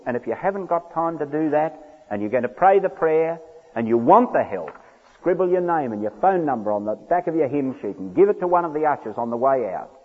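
A man preaching an earnest evangelistic sermon in a large church, pleading with listeners and slowing to a hushed voice in prayer. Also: on the high side, slightly rough. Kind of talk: evangelistic sermon with altar call. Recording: tinny phone-like sound with long hall reverb.

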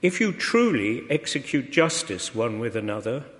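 A man reading scripture aloud in a measured, solemn, expressive way. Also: mid-range voice, in a large hall. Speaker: scripture reader.

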